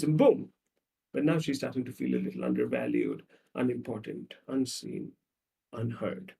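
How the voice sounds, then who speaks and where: Psychologist guy, warm mellow tone, animated storytelling with lots of listing. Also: medium pitch, normal speed, creaky, distant mic. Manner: animated storytelling with repetitive lists. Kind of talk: explaining with acted examples.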